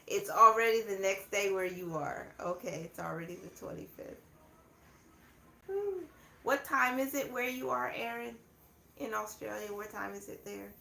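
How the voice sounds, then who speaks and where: A woman's voice: medium pitch, measured pace, vocal fry, sharp tone. A woman hosting a laid-back live chat, talking casually with viewers and laughing often. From southern United States. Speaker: livestream host. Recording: echoey room, faint background noise.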